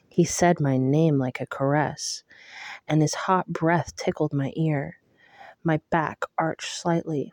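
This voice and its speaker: Slow, hushed woman reading a novel. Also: low voice, steady tone, no room sound. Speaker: audiobook reader. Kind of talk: first-person novel narration.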